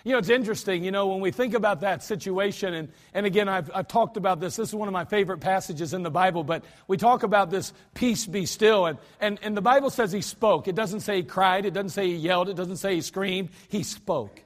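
High-voiced man preaching a sermon. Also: a little fast, few pauses. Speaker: pastor. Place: church sanctuary.

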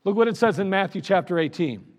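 High-voiced man preaching in a reverberant church. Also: animated, fast. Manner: conversational preaching, reads scripture aloud and acts out little scenes. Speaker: pastor. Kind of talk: sermon. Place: church sanctuary. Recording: long reverb of a church sanctuary.

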